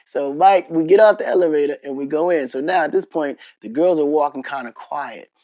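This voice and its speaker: Laid-back man telling animated stories. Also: fairly high pitch, a little fast, no echo, highs cut off. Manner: animated, laughing anecdotes with slang. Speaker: interview guest. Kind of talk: casual storytelling conversation.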